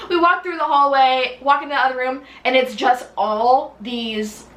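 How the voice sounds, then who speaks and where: A young woman, chatting and telling animated stories while doing makeup, putting on voices as she goes. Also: high voice, a little slow. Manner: bubbly, animated storytelling with voices. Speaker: beauty vlogger. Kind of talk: casual chat. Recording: echoey room with faint hiss.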